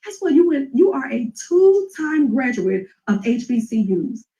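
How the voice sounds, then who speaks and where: A woman with a fairly high voice gives a friend a heartfelt, emphatic pep talk, driving her points home again and again. The clip comes from a reality show and sounds roomy and echoey. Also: sing-song, a little slow, mellow. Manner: emphatic, preachy, repetitive. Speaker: reality TV cast member.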